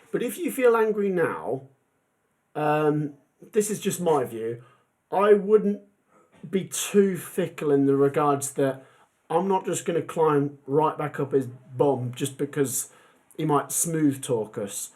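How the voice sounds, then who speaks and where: A man's voice: fairly high pitch, animated, unhurried, darkish tone. A young man hosting a football fan livestream, chatting casually and reading out viewer comments with plenty of ums. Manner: chatty, rambling, many ums. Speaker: football fan channel host.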